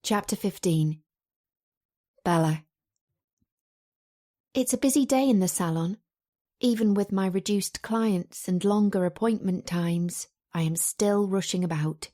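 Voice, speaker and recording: A woman's voice: mid-range voice, mellow. A woman reading a romance audiobook in the first person, in a chatty, confiding manner. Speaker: audiobook narrator.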